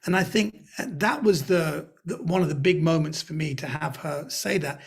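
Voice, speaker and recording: Man, London accent, gravelly, husky, animated storyteller, webinar guest. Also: on the high side, moderate pace. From Britain. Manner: animated storyteller, acts out quoted voices. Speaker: guest comedian. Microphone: video call.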